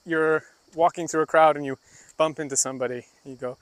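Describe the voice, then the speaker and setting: A man's voice: a little high, fairly even intonation, a little fast, a bit bright. A man casually live-streaming while walking outdoors, chatting loosely with many fillers and asides as he explains things to his chat. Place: outdoors on a rural walk.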